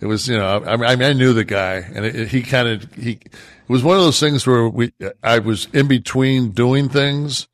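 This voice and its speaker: A man in his sixties co-hosting a podcast, talking casually in a rambling, profane way, full of halting restarts. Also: medium pitch, dry recording, clean studio sound. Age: 60s. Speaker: podcast co-host. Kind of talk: casual chat.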